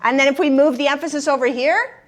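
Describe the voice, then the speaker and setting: In a room with a live group, a woman with a high-pitched voice leads a word game class, upbeat and encouraging, slowing down to stress syllables.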